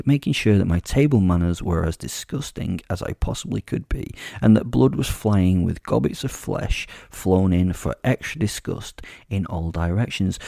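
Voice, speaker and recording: Gravelly, dark-voiced man narrating. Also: deep voice, no echo, clean studio sound. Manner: crude, rambling, sardonic. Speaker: werewolf narrator. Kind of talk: scripted audio drama narration.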